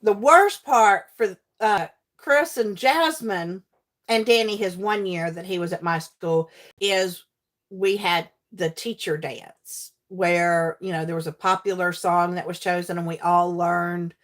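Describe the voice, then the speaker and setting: A middle-aged woman chatting casually with her livestream viewers while crafting. She is animated, laughs often and greets viewers by name. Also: lowish voice, unhurried. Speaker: livestream host and teacher.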